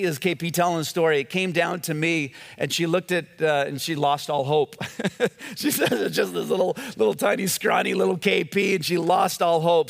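A man preaches from the pulpit, telling stories in a loose, conversational way. His voice sits a bit higher than most men's, and he often circles back over his own phrases. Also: a bit bright, in a large hall. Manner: conversational storytelling with many restarts. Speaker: pastor. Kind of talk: sermon.

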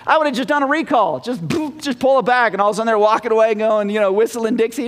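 A man's voice: high-pitched, expressive, fast talker, few pauses, slight background noise. A man preaching a sermon in a folksy manner, asking his listeners questions. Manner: folksy, asks the congregation questions. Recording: long reverb of a church hall.

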